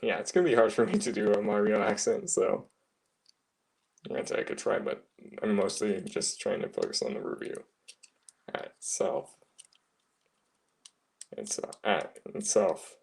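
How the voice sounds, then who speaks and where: A man casually reviewing a toy, talking softly with mumbled, half-whispered asides. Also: on the low side, measured pace, gravelly, pauses often, breathy edge.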